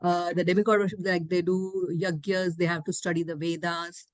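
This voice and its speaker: Woman student giving a measured lesson recap, dry close sound. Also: fairly low pitch, level tone, dry recording. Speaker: class participant.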